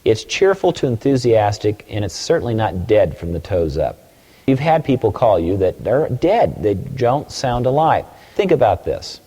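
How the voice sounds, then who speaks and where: A man's voice: fairly low pitch, dark tone, in a large hall. A man giving a recorded sales training talk, coaching emphatically and acting out phone-call examples.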